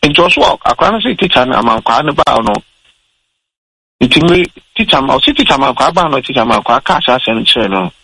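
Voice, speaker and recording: Man, gravelly, bright tone, mixing Twi and English while telling a story on air. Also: medium pitch, big pitch swings, fast talker, dry recording, low-quality recording. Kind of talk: casual radio talk.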